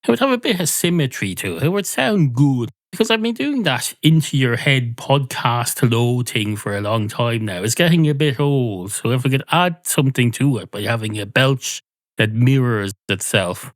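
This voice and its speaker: A man's voice: mid-range voice, lively intonation, normal speed, no room sound. A middle-aged Irish man hosting a podcast alone, rambling through a sardonic comic monologue. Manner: sardonic, rambling, puts on mock radio voices. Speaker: podcast host.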